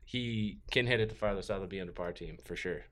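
Low-voiced rambling podcast host man. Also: quick pace, fairly bright tone. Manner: rambling, restarts often. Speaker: podcast host and golf coach. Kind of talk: casual chat.

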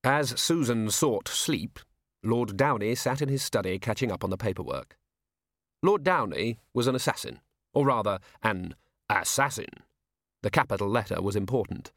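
Expressive male audiobook narrator. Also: on the low side, normal speed, no echo, studio quality. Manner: expressive storytelling. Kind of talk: audiobook reading.

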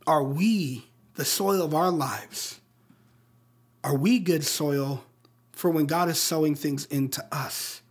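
A man's voice: a little high, slow pace, breathy edge. A young adult man preaching a sermon in a casual, slangy way, with plenty of rhetorical questions. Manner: casual slangy preaching, acts out movie dialogue. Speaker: pastor.

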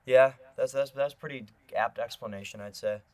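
A man's voice: medium pitch, moderate pace. A man co-hosting a podcast, rambling casually with a lot of filler words. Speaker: podcast co-host. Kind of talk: casual chat.

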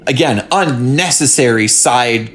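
A man riffing on a TV show in casual podcast chat. His voice sits at an ordinary middle pitch, and he slides into profane, exasperated rants. He is recorded at home in a guest bedroom studio. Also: measured pace, a bit bright, a little hiss or hum. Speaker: podcast co-host.

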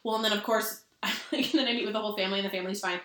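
A woman in her late thirties co-hosting a casual chat, quick to laugh and chime in. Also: mid-range voice, steady tone, sharp tone, echoey room. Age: 30s. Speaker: podcast co-host.

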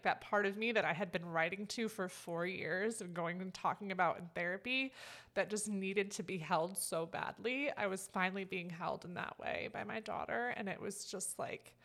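Gravelly-voiced woman sharing emotionally. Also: mid-range voice, a bit bright. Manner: emotional, rambling with many fillers. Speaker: podcast co-host. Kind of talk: casual heartfelt chat.

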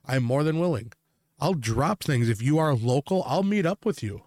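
A man's voice: medium pitch, lively intonation, normal speed, a little mellow, no room sound. A young man co-hosting a podcast, in casual chat, joking, laughing often and swearing freely. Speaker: podcast co-host.

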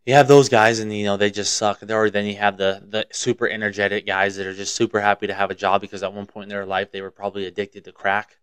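A man's voice: fairly low pitch, little pitch movement, fast talker, hardly any pauses, a bit bright, smooth, no echo. A young man from Montana hosting his own podcast, talking in a profane, rambling, fired-up way about whatever is on his mind. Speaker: podcast host. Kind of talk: casual solo podcast rant.

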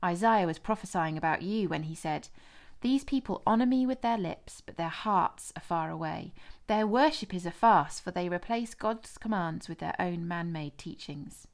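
A woman voicing Jesus as a calm, firm, earnest male teacher in a scripture reading. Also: lowish voice, normal speed, hardly any pauses, natural voice.

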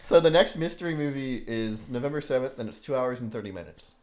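A man's voice: medium pitch, lively intonation, quick pace, a little mellow. A man co-hosting a podcast in a laid-back, casual chat, mostly giving short replies and laughing. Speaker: podcast co-host.

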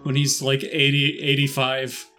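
A man co-hosting a comedy podcast, trading dry, deadpan jokes with his partner. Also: mid-range voice, a little slow, over music. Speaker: podcast co-host.

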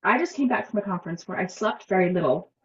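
A woman hosting a casual interview, talking in an animated, expressive way about emotions at work. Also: fairly low pitch, fast, dull audio, a little hiss or hum. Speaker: podcast host.

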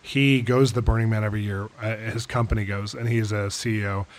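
Animated man hosting a podcast. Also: fairly low pitch, a little fast. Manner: animated storyteller, swells with enthusiasm. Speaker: podcast host. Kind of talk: conversational podcast interview.

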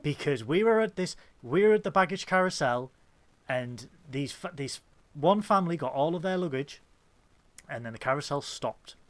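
A man's voice: on the high side, expressive, moderate pace. A man co-hosting a casual podcast, swearing freely and telling rambling stories. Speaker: podcast co-host.

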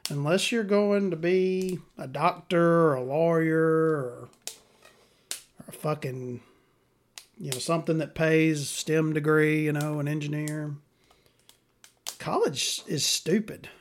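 A man's voice: on the high side, takes it slowly. A man, hosting a podcast in a rambling, profane, sardonic monologue. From Southern US. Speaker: podcast host.

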